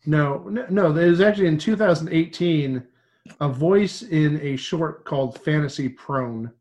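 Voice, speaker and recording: Man, slightly high voice, wry jokes, casual podcast co-host. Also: a little slow, a little mellow. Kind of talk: casual chat about old TV.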